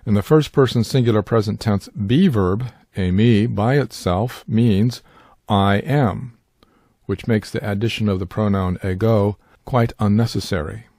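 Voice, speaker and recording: A man with a lowish, mellow voice leads a scripted Bible word study. He speaks in a measured, deliberate way and sounds out Greek terms carefully. The voice is recorded dry and close, with no room sound. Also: no room sound. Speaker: Bible teacher.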